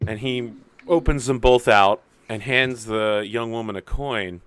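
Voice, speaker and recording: A young man narrating a tabletop game as game master, animated and rambling. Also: medium pitch, unhurried, smooth.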